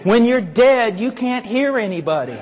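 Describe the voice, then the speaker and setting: A male preacher with a very high voice delivers an animated sermon, acting out little scenes and climbing to shouts at his peaks. His words ring out with the long reverb of a large hall. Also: moderate pace, some chatter behind.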